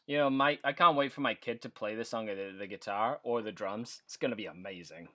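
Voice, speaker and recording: A man's voice: fairly low pitch, brisk, few pauses, fairly bright tone, dry recording. A man hosting a casual live hobby stream while painting miniatures, playful and enthusiastic as he chats with viewers at his desk mic.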